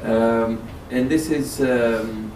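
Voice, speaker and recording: A man teaching and singing melodies to a group, explaining softly between songs. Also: mid-range voice, fairly even intonation, very slow, slight background noise. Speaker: song leader. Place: large hall with audience. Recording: echoey hall, far mic, loud music.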